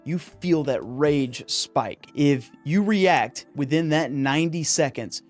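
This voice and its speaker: An earnest man hosts a podcast, speaking in a somewhat raised pitch with an emphatic, almost preacher-like delivery. Soft music plays faintly behind his monologue. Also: slow pace. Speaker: podcast host.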